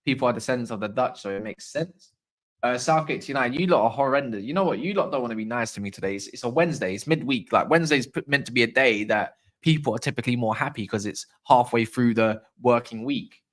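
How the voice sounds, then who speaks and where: A man's voice: medium pitch, fast talker. A man hosting a casual football livestream, ranting with strong opinions and slangy asides while answering chat comments. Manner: opinionated, animated, slangy football-fan rant. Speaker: fan channel livestream host.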